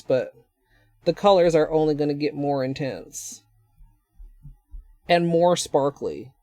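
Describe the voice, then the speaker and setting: A woman's voice: low-pitched, dark tone, dry recording. Chatty woman streaming nail art. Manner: chatty, rambling, self-deprecating asides. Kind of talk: casual livestream chat.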